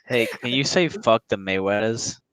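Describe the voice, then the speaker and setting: A man's voice: lowish voice, moderate pace, a bit bright, clean tone. A man joking and teasing others in casual voice chat. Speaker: chat participant.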